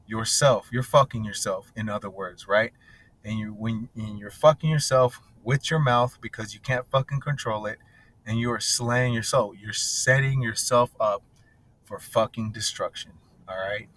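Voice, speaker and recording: A man's voice: fairly low pitch, moderate pace, fairly bright tone. Profane, blunt man preaching scripture. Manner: blunt and profane, tags lines with "right?" and "bro". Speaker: scripture teacher. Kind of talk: casual profane scripture teaching.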